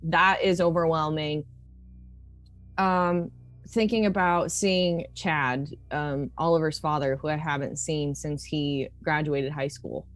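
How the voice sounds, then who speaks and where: A woman's voice: steady tone, takes it slowly, faint music behind. A woman player narrating her character's panic in a tabletop horror game, emotional and swearing freely. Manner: emotional, swears freely, pitch rising when upset.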